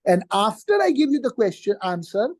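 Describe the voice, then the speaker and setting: A woman giving a live lesson on communication skills, repeating key points slowly and acting out short sample dialogues. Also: fairly high pitch, big pitch swings, dry recording. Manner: acts out sample dialogues while explaining. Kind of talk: live online teaching session.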